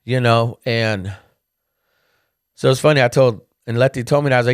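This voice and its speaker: A man's voice: mid-range voice, moderate pace, clear, resonant tone, no echo, clean studio sound. Candid man telling stories. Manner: candid, conversational, animated when quoting others. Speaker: podcast host. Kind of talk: casual storytelling monologue.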